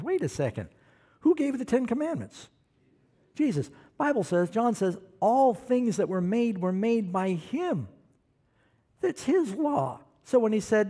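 Man, pastor, sermon, mellow tone, lively swinging pitch, calls for amens. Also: a little slow, breathy edge. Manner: animated, questions the congregation, calls for amens.

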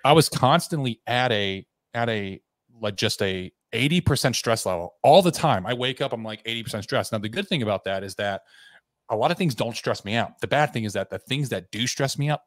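A man's voice: fairly low pitch, brisk, dry recording, studio quality. A man from Tennessee, a podcast guest, telling a candid personal story in a rambling way, with fillers and restarts, acting out the lines of the people in it.

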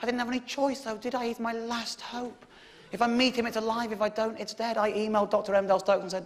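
An English man doing stand-up, telling a story in an exasperated, sweary way that bursts into shouting. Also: very high-pitched, flat delivery, fast talker. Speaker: stand-up comedian. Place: comedy stage before a live audience. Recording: echoey live venue with loud audience. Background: audience laughter.

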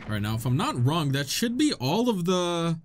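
A young man giving excitable, joking commentary while playing a video game, often laughing and swearing. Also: on the high side, moderate pace, a little hiss or hum. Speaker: gaming video host. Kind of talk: let's play commentary.

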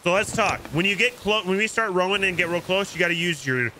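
A man streaming a pirate game, chatting casually and coaching another player with jokey excitement. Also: sits high, quick pace, a little hiss or hum, poor audio. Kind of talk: casual gameplay chat.

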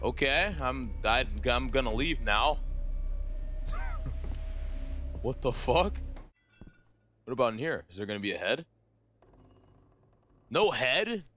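A young man streaming a horror game, jumpy and excitable, swearing often as he plays. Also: medium pitch, unhurried, pauses often, faint music behind. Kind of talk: live gaming stream commentary.

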